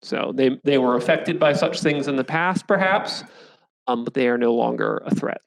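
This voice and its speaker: A man running a tabletop game as game master, describing scenes and answering players with quick yeps. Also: mid-range voice, creaky, low-quality recording.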